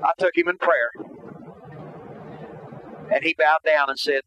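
Male preacher, testimony sermon, high voice, fervent, repeating lines for emphasis, faint background noise. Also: fairly even intonation, a little slow, pauses often, pushed and bright, poor audio. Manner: fervent, repetitive, rising emphasis.

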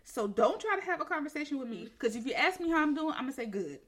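A woman with a fairly high, bright voice rants comically, with emphasis and plenty of swearing. Her intonation is very lively, swinging up and down. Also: fast. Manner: laughing, emphatic, profane. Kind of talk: comedic rant.

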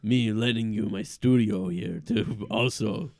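A man's voice: on the low side, a little slow, darkish tone, no echo, studio quality. Hesitant, passive-aggressive man. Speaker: podcast co-host. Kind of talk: improvised comedy role-play.

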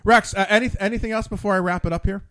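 A man with a somewhat high voice hosts a loose late-night talk show. He rambles through side stories, restarting his sentences and drifting off on tangents. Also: fairly even intonation, rapid-fire, fairly bright tone. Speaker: podcast host. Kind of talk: casual late-night chat.

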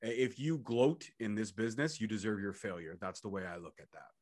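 A man's voice: on the low side, a little fast, a little mellow, dry recording, studio quality. A man hosting a podcast, offering laid-back, reflective asides to his guest. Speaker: podcast host. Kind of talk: casual interview chat.

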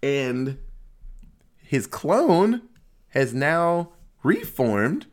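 A man's voice: medium pitch, big pitch swings, extremely slow. Jokey man recapping a movie. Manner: loose and jokey, swears freely, laughs at the story. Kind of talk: casual movie plot recap.

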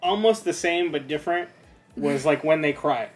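An easygoing man with a fairly high voice co-hosts an anime podcast. He rambles in slangy, relaxed chat and keeps checking in with his listeners. Faint music sits under his voice. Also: normal speed. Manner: easygoing, rambling, slangy, says "you know what I mean". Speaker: podcast co-host. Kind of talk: casual chat.

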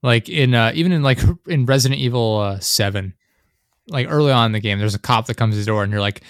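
Young man, casual chat, rambling, animated, dry close sound. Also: mid-range voice, no room sound. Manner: rambling, animated, quick to act out scenes.

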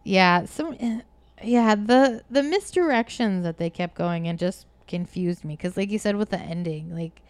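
Woman, smooth clear voice, chatty movie review, quotes her reactions, dry room. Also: medium pitch, measured pace, dry recording. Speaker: podcast co-host. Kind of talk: casual movie review chat.

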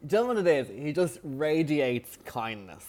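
A man's voice: fairly high pitch, very animated, moderate pace, a little mellow. A man with an Irish accent co-hosting a podcast, teasing his partner bluntly in casual chat. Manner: teasing, blunt, laughs often. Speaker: podcast co-host.

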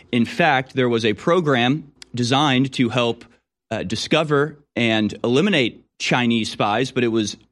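Sarcastic male talk radio host. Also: mid-range voice. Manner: sarcastic, reads headlines then editorializes. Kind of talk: opinionated news commentary.

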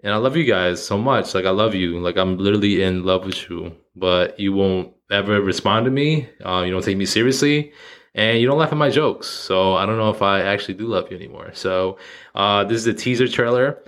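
Casual podcast host around thirty, lowish male voice, loose and rambling, swears a lot, jokes at his own expense. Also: fairly quick, fairly bright tone. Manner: rambling, profane, self-mocking, laughs at himself. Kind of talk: casual solo podcast monologue.

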